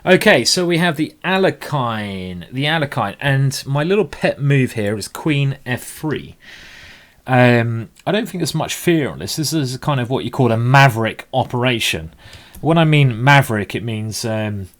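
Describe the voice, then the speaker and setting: A man's voice: medium pitch, animated, normal speed, a bit bright. A man commentating live blitz chess games, rambling and emotional with tipsy asides. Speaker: chess streamer.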